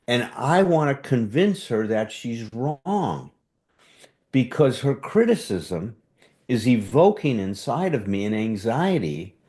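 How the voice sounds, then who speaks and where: A man's voice: mid-range voice, darkish tone. A man teaching a relationship workshop in a conversational way, sometimes acting out what defensive speech sounds like. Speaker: workshop leader.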